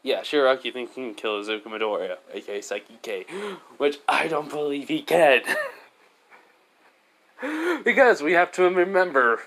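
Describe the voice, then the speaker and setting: A man's voice: mid-range voice, normal speed, a bit bright. Rambling man retelling a fan story. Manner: rambling, laughs often, many fillers. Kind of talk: casual fan-fiction retelling.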